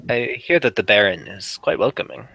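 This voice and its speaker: A man voicing an elegant, polite older mother in a tabletop game, in a soft, courteous voice close to his own. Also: lowish voice, animated, moderate pace, gravelly, breathy edge, dry recording, exaggerated voice, low-quality recording. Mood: gracious.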